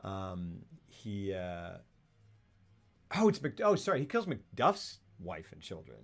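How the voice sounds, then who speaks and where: Co-hosting a casual film talk show, a man rambles through a plot recap and acts out the characters' lines. He speaks slowly in a low, creaky voice with huge pitch swings, recorded on a streaming mic.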